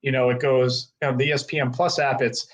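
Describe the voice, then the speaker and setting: A man in his thirties, a guest telling a story in casual, animated chat, full of "like" and casual swearing. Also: mid-range voice, a little fast. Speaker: guest, co-owner of a fight-gear retailer.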